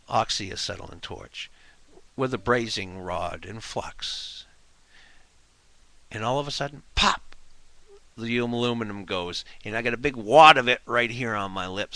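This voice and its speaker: A man rants to his webcam at home in a slow, gravelly, forceful voice. His pitch swings widely as he fires off scornful rhetorical questions. The sound is dry and close. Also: no echo. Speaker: video blogger. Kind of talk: ranting monologue to camera. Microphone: webcam mic.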